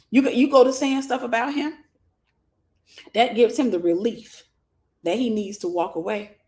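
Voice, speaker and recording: A woman minister giving an animated teaching sermon, acting out scenes and speaking straight to her listeners. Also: fairly high pitch, normal speed, long pauses. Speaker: minister and mentor.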